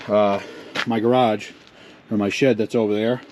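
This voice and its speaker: A man in his thirties hosts a casual vlog from his home garage and shed, speaking into the camera mic in a lowish voice with little pitch movement at a moderate pace. He rambles and jokes at his own expense, sounding a bit out of breath, with a faint hiss in the background.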